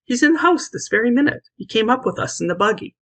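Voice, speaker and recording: A woman's voice: on the high side, lively intonation, fast talker, voice pushed up. A woman reading aloud, voicing a confident, scornful girl who tells stories in a storybook. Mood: impatient. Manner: impatient, confident.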